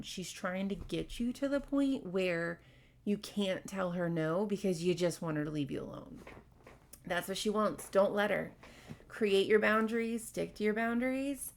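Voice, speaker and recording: A woman hosting a podcast, giving frank, casual workplace advice with plenty of fillers. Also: medium pitch. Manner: frank, conversational, with many fillers. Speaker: podcast host.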